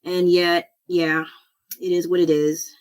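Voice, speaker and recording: A woman's voice: on the low side, level tone, slow pace, smooth. Rambling, laughing woman drawing on stream. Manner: rambling, self-deprecating, laughs often. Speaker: artist streaming a drawing session. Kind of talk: casual chat while drawing.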